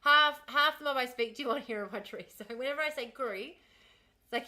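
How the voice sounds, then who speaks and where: An Australian woman in her thirties chats casually with viewers on her livestream, wandering between topics and laughing often. Her voice is bright and slightly high. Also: a little fast. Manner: chatty and rambling, laughs often, answers chat. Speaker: livestream host.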